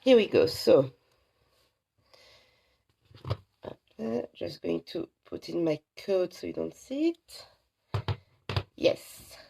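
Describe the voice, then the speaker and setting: A woman's voice: lowish voice, sing-song, creaky, dark tone. Chatty woman presenting for a library. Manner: chatty and enthusiastic, many pauses. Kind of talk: casual live app demo.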